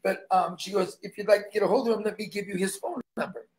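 A man's voice: high-pitched, steady tone, fast, a little mellow. A man who is a stuntman, guesting on an interview and telling emphatic stories in which he acts out the dialogue.

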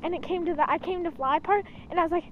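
A young woman chats while walking down a town street, rambling through a story with many "um"s and "like"s in a very high voice. The handheld camera makes her sound slightly muffled. Clear street noise sits behind her. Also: fast. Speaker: vlogger. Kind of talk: casual chat.

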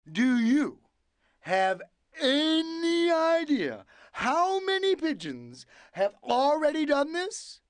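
A woman's voice: high voice, slight background noise, exaggerated voice. A woman voicing a pushy, whiny cartoon pigeon in a game, wheedling and bargaining with big dramatic outbursts. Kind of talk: animated game character voice.

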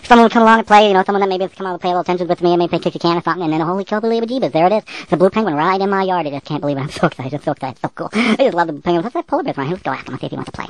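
A woman voicing a hyperactive, taunting, foul-mouthed cartoon character who talks in rapid, mocking, sing-song jabs. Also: fairly low pitch, animated, a little mellow. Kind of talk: cartoon voice acting.

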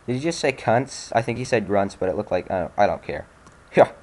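A man's voice: lowish voice, lively intonation, brisk, a little mellow. Sarcastic, swearing young man gaming. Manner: sarcastic, swears, frustrated outbursts. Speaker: let's play gamer. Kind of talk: casual gameplay commentary.

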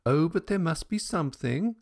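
A man's voice: a little high, expressive, normal speed, no room sound, studio quality, pitched above the performer's own voice. A man voicing a logical, impatient young governess in an audiobook, asking firm questions. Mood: stern.

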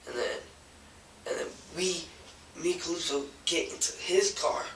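A young man being interrogated, telling what happened in a halting, rambling way full of restarts, recorded from a distance in a bare room. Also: a little high, steady tone, fairly bright tone. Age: young adult. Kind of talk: halting recounting of events. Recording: roomy, from a distance, faint noise.

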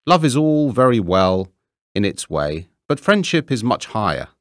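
A man's voice: lowish voice, sing-song, a little slow, no room sound, clean studio sound. A man voicing a pompous, self-important old male water rat in a storybook reading.

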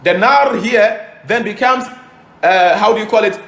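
Man giving a religious lecture, high voice, roomy recording. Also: a little slow, fairly bright tone. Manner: explains grammar, searches for words. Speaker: preacher in a played clip. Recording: roomy played-back clip.

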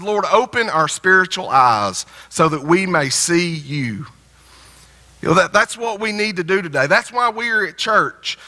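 A man's voice: high-pitched, bright, forceful tone. A man preaching a sermon in a folksy, conversational way, often restarting his phrases. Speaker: pastor. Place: church sanctuary. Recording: church sanctuary with long reverb.

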